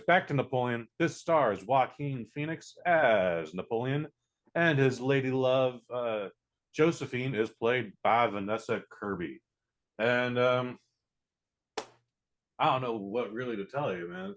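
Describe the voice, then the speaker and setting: A man casually reviewing a film on a podcast, rambling with many fillers and restarts. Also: mid-range voice. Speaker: podcast co-host. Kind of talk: casual movie review chat.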